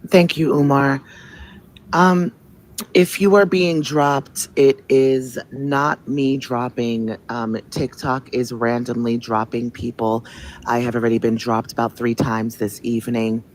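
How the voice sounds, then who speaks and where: A man's voice: mid-range voice, level tone, slow, rough recording. A man hosting a live call-in stream, firmly keeping order and giving instructions. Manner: firm, orderly, gives instructions. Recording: faint background noise.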